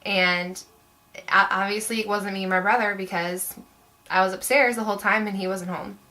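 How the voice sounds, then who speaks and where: A woman's voice: mid-range voice, fairly even intonation, moderate pace, sharp tone, poor audio. A young woman vlogger telling a story to camera in a chatty, rambling way, full of "like" fillers.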